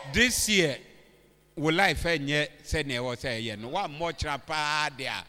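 A Ghanaian man preaching a convention sermon, switching languages and drawing call-and-response from the crowd, building to shouted exhortations. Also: on the high side. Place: large church hall. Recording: echoey hall with music behind.

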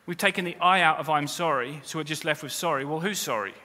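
This preacher's voice sits on the high side and moves at a quick pace. Speaking directly to his congregation with humorous asides, he swells to loud, emphatic peaks, his words echoing with the long reverb of a big hall.

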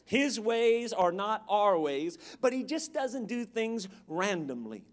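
A man's voice: high voice, very animated, slow. A man preaching a sermon, dramatic and emphatic, with call-and-response to the congregation.

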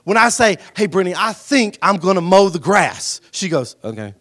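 A preacher with a fairly high voice delivers a sermon in a church, dropping low and soft before bursting into shouted emphasis. His pitch leaps around, and he keeps calling out to the congregation, pulling them in for a response. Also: very animated, moderate pace, hardly any pauses. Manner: swings from hushed and intimate to shouted emphasis, calls for response. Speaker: pastor. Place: church sanctuary.

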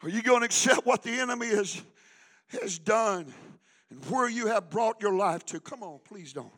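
A man, a pastor, preaching a fervent sermon that swings between hushed talk and loud declarations. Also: sits high, animated, moderate pace.

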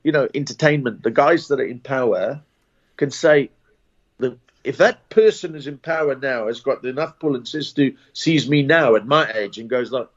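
A man's voice: medium pitch, moderate pace. A man with a South African accent, a comedian telling anecdotes in a casual interview with many restarts and chuckles. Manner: rambling anecdotes with false starts and laughs. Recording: dull lo-fi recording.

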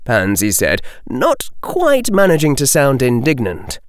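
A man reading a story aloud as narrator, in an expressive, lively way. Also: medium pitch, unhurried, clean tone, no echo, clean studio sound.

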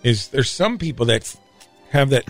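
Joking male radio host, lively pitch. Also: moderate pace, soft background music. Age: 40s. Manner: jokey, laughing at his own puns. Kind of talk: casual comedy radio banter.

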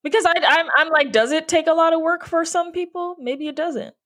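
A woman's voice: extremely high pitch, brisk, fairly bright tone. A woman co-hosting a podcast in casual chat, frank and slangy, laughing often. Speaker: podcast co-host.

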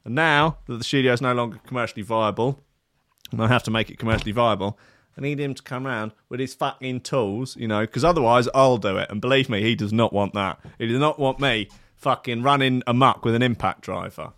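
A man's voice: mid-range voice, a little fast, a bit bright, dry recording. A man hosting a DJ show from a studio desk, rambling and swearing with self-mocking humor. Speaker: DJ and show host. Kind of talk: casual chat. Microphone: webcam setup.

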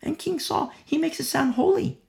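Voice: high-pitched, vocal fry, a little mellow. A Bible teacher giving a verse-by-verse sermon, emphatic, repeating key phrases and dropping to a whisper to stress a point. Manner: acts out the people in the text with quick voice changes.

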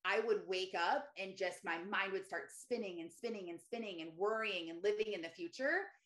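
Earnest emphatic woman sharing her story, mid pitch, roomy echo. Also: moderate pace, fairly bright tone. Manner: earnest, emphatic, shifts to higher voice for quoted thoughts. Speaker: podcast host and coach, interview guest. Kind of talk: emotional personal storytelling.

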